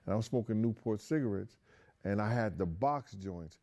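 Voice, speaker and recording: A man with a lowish, mellow voice tells an old story in a loose, conversational way. He rambles and leans on slang and fillers as he goes. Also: expressive, moderate pace. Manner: rambling, many fillers like "you know" and "um"; slangy street talk. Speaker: guest storyteller. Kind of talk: casual anecdotal storytelling.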